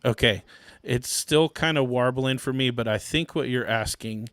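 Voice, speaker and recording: A man who is a pastor, guesting on a podcast and explaining his view step by step in a measured way. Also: medium pitch, fairly bright tone, dry recording. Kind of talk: casual theology discussion.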